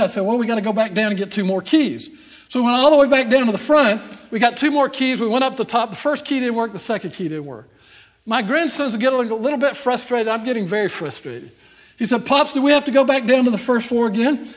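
An older man preaching with a strikingly high voice. He tells a long personal story with dry humor before turning to scripture, his emphasis building as he drives the point home. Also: expressive, fast talker. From Texas. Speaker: pastor.

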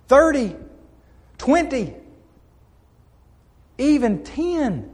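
A man's voice: sits high, expressive, moderate pace, big-room sound. A man preaching a sermon, asking the congregation questions, answering them himself and repeating phrases for emphasis. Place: church.

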